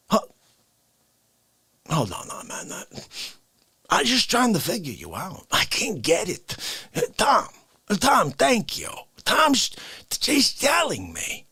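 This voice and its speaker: Animated man ranting, shouting and whispering. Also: high-pitched, takes it slowly, pauses often, slightly rough. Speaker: livestream comedy host. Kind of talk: unscripted comedic rant.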